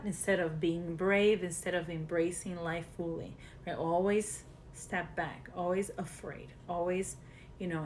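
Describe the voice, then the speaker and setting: Woman therapist, relaxed teaching talk, restarts, asks "right?" to the viewer, faint low rumble behind. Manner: conversational, repeats words, laughs often. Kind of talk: casual explanatory teaching.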